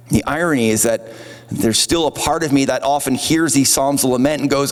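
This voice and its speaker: A man's voice: medium pitch, brisk, long reverb tail. A man preaching a sermon as pastor in an earnest, conversational way, acting out little quotes as he goes. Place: church auditorium.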